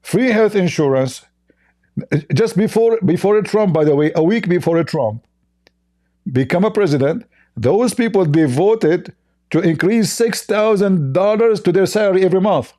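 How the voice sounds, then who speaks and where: Speaking at normal speed with animated intonation, a man mocks what he's reacting to in rambling, grammatically broken sarcasm. The voice is somewhat high for a man but carries a dark, mellow tone.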